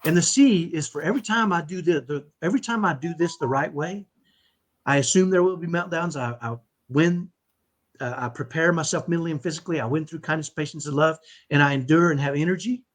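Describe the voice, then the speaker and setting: A middle-aged man tells his story as a podcast guest in a husky voice. He pitches his speech a little high and keeps checking in with his listener. The delivery is lively and conversational. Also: fairly quick. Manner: animated, repeats "right?" often. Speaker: podcast guest, autism dad.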